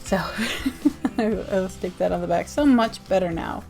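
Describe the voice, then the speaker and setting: A woman's voice: on the high side, big pitch swings, slow pace, creaky, pauses often, dark tone, faint music behind. A woman vlogger sharing zines from her mail in casual chat, bubbly and gushing with frequent giggles. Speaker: zine reviewer vlogger.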